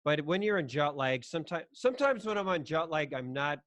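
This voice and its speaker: A man with a bright, forceful voice and a slightly high pitch tells a story in a casual podcast chat. He acts out the quotes with energy. The studio sound is dry and close. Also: a little fast, no room sound. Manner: animated anecdote with acted quotes. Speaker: podcast co-host.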